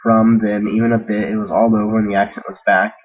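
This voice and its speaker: A man's voice: fairly low pitch, level tone, fast, slight background noise. A man reading fan fiction aloud in a casual way, with self-deprecating, joking asides. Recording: dull lo-fi recording.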